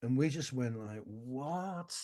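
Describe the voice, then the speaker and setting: A man in his sixties, a musician guest telling stories in an interview, animated and swearing casually. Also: on the high side, brisk. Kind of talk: anecdotal interview storytelling.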